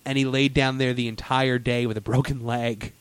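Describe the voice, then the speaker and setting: An excitable man rambles through his theme-park stories, stumbling over restarts and fillers as he goes. His voice sits in a middle range and sounds close and dry, with no room around it. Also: medium pitch, moderate pace, smooth, no room sound. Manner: enthusiastic storyteller, lots of fillers and restarts. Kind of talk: casual theme-park chat.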